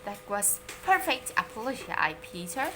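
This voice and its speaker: Woman doing a gently scolding mother. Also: a little high, sing-song, normal speed, background noise. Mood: gentle.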